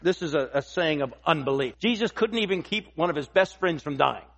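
A pastor preaching an expository sermon, emphatic and repeating key phrases for weight. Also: male voice, a little high, lively intonation, fairly quick, creaky, a bit bright.

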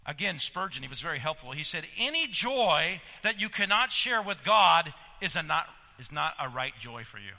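A male pastor preaching a sermon in a church, exhorting his listeners and swinging between loud emphasis and hushed asides. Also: fairly high pitch, very animated, normal speed, creaky, few pauses. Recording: long reverb of a church hall.

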